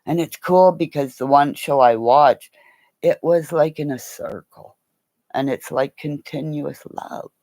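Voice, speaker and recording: Slow, rambling woman. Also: low voice, warm tone, no room sound. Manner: rambling, chatty, laughs often, swears. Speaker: livestream host. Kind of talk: casual livestream chat.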